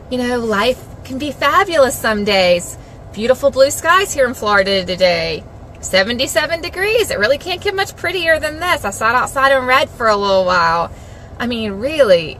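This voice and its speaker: A woman from South Georgia with a Southern American accent, giving a casual devotional talk to viewers in an earnest, animated way and repeating phrases for emphasis. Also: fairly high pitch, a little hiss or hum, poor audio. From South Georgia, USA. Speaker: Christian blogger giving a devotional.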